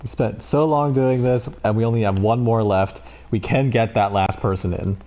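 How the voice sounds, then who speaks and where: A man streaming a game live, commenting excitably, swearing and pleading with the game. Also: fairly low pitch, normal speed.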